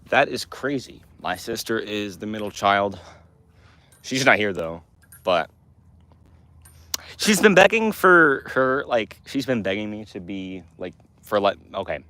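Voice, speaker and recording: A man's voice: on the low side, expressive, a little slow, bright, forceful tone. A teenage boy from Montana chatting casually with his livestream viewers, rambling through restarts and fillers. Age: teens. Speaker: livestream host answering chat.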